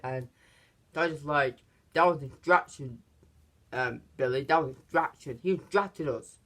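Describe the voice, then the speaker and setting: Halting, filler-heavy movie reviewer. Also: lively intonation, a bit bright. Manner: halting, many fillers and restarts; acts out quoted lines in higher voices. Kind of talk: casual plot recap.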